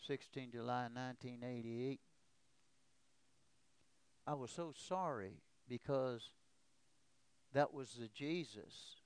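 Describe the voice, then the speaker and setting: A man preaching a testimony sermon, telling a story that builds to a shouted exhortation. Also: medium pitch, smooth, no echo.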